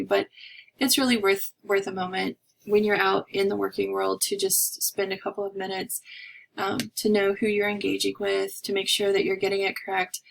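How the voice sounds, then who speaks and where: Gravelly-voiced woman lecturing casually. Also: mid-range voice, a bit bright, poor audio. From North America. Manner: chatty, discursive, with many fillers. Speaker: college instructor. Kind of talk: recorded lecture.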